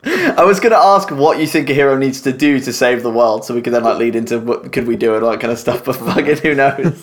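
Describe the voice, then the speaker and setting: A man hosting a podcast, riffing jokily and laughing in casual chat. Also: medium pitch. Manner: jokey, quick to riff and laugh. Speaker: podcast host.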